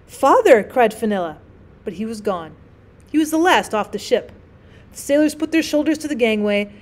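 A woman teacher narrating a classic short story as an audiobook, with clear, measured storytelling. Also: a little high. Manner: clear, measured storytelling with gentle voices for characters.

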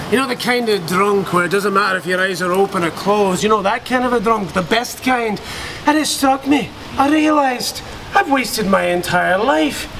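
An actor playing a rambling middle-aged drunk, ranting mock-profound comic wisdom. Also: male voice, high voice, background noise. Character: boozy rambling middle-aged male pub philosopher. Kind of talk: comic monologue.

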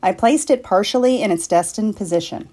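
A woman from a library reading a classic story aloud in a measured, deliberate way. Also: mid-range voice, warm tone. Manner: measured, deliberate, slowing for effect. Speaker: library staff reader.

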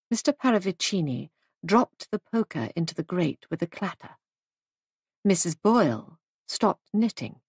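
A woman narrating a mystery audiobook in a measured storytelling manner, recorded close to the mic. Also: lowish voice, big pitch swings, husky, no echo.

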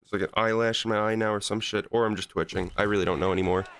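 In a dry recording, a man hosting a gaming channel races through angry, swear-filled venting as he plays a fighting game for let's-play commentary. His voice sits on the low side, fairly bright, with rather even intonation, and his frustration is plain.

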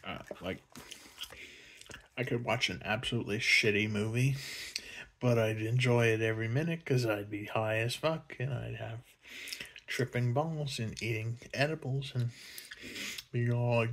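A man rambling through a casual, sarcastic movie review on his vlog. His voice is husky and he talks slowly at a mid pitch. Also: fairly bright tone. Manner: sarcastic, rambling, laughs often. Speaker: vlogger reviewing a film.

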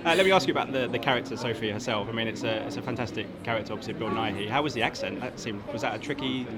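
A man's voice: mid-range voice, racing. A man interviewing on a red carpet, friendly and enthusiastic. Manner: friendly, enthusiastic, laughs easily. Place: outdoor red carpet at a premiere. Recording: crowd noise from a premiere. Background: crowd chatter.

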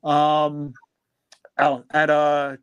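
Man, podcast co-host, slightly high voice, mock-prudish teasing, rambling. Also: completely flat delivery, drawn-out words, smooth, no echo, lo-fi sound. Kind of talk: casual podcast chat.

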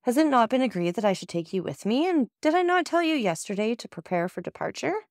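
A woman reading the lines of a composed, persuasive nobleman in an audiobook, courteous and measured. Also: fairly high pitch, very animated, no room sound, clean studio sound, pitched above the performer's own voice.

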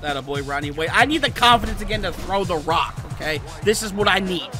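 Loud, animated man commentating gameplay. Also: high-pitched, fast. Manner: animated, swings to shouting and cursing. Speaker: gaming channel host. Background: game music.

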